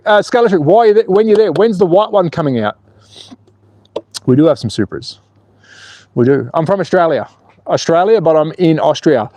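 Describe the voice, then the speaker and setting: A man hosting a live stream outdoors, commentating with excitable jokes and reading viewer chat aloud. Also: on the high side, normal speed, pauses often, no room sound. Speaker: slot car channel host.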